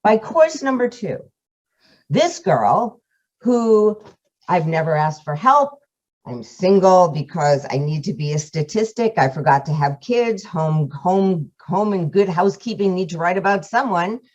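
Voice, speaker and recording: A woman's voice: fairly low pitch, lively intonation, a little slow, darkish tone. A woman giving a frank, profane, self-mocking and emotional testimonial about a course over a video call. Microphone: computer camera mic on a video call. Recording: muffled video-call audio.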